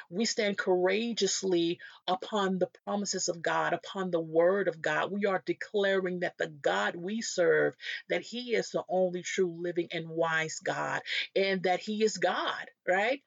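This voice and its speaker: A Christian speaker, a woman with a mid-range voice and some vocal fry, gives an earnest devotional talk. She tells personal stories in a storytelling manner and acts out the voices of people she met. The recording is dull, lo-fi and dry, with no echo.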